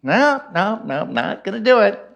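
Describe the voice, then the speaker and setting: A man playing a sassy pet parrot in a spoken joke, with a high squawky voice. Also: sing-song, moderate pace, vocal fry, fairly bright tone, highs cut off, heavily acted. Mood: defiant.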